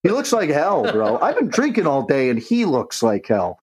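A man's voice: fairly high pitch, moderate pace, background noise. A young man, a podcast co-host, telling a long rowdy story in casual, profane talk and acting out the voices of the people in it. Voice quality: profane, animated, acts out quoted voices.

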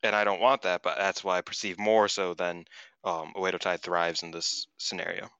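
A man's voice: deep voice, little pitch movement, moderate pace, pushed and bright, smooth, no echo, lo-fi sound. Blunt, swearing male co-host. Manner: blunt, profane, opinionated. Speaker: podcast co-host. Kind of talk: casual chat.

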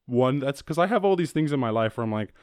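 A young Irish man hosting a casual solo podcast, rambling and swearing freely, acting out quotes in a higher voice. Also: lively intonation, fast, a little mellow, dry recording, studio quality. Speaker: podcast host.

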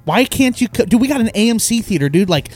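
A man co-hosting a podcast, chatting casually in an excitable, joking way and laughing often. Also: sits high, fast, soft background music. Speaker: podcast co-host. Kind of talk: casual chat.

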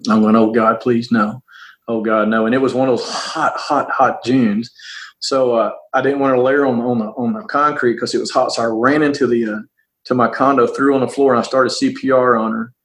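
A middle-aged man, a police officer, telling a personal story in a halting, earnest way, often repeating words and starting over. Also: medium pitch, steady tone, low-quality recording.

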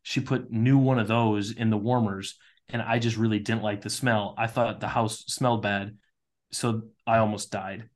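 A man in his thirties, a podcast co-host, chatting casually and telling animated stories with casual swearing. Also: lowish voice, normal speed.

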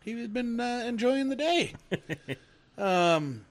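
A man in his twenties, a podcast co-host, telling stories in casual chat, animated and swearing often. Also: very high voice, takes it slowly. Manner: animated, laughing, swearing storyteller.

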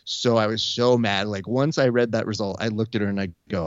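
A low-pitched young man chats casually, telling a story. He acts out the quoted lines with lively shifts in pitch. His voice sounds dry and slightly dull, as if recorded on a modest mic. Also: a little fast, no echo. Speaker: podcast host. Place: Burbank area.

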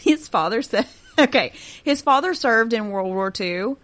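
A woman's voice: fairly high pitch, lively intonation, unhurried, a bit bright. Laughing sarcastic woman podcaster. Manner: laughing, sarcastic, reads notes aloud. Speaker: podcast host. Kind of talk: casual true-crime chat.

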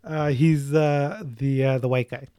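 A man's voice: mid-range voice, steady tone, measured pace, dark tone, smooth, no echo. A man co-hosting a casual movie chat, joking and rambling, laughing often.

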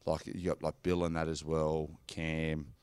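Laid-back Australian man, very low voice. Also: flat delivery, a little slow, a little mellow, clean tone, dry recording. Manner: laid-back storytelling, lots of "like" and "mate". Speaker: former professional footballer guest. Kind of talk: casual podcast chat.

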